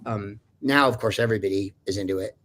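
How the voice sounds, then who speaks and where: A man's voice: on the low side, fast, a bit bright. A man who is a voice actor telling a story in a casual way, rambling and digressing with many fillers. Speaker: voice actor guest.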